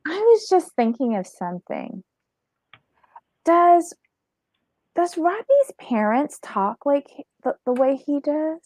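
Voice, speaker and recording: A woman's voice: high-pitched, big pitch swings, slow, pauses often, darkish tone, dry recording. Chatty woman hosting a commentary show. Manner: chatty, reads live chat aloud. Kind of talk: casual chat about a reality show. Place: in Florida.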